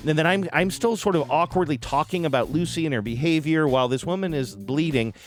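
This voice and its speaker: A man's voice: fairly high pitch, a little fast. A middle-aged man hosting a podcast, telling a story in a casual, self-deprecating way and raising his voice when he quotes people. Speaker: podcast host.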